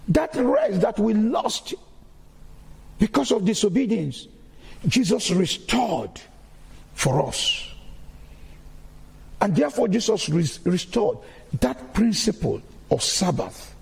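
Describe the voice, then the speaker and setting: Gravelly-voiced man preaching in a hall. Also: high voice, big pitch swings, takes it slowly, long pauses, a little mellow. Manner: preacherly, repeats key phrases. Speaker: church member giving testimony. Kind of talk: sermon testimony.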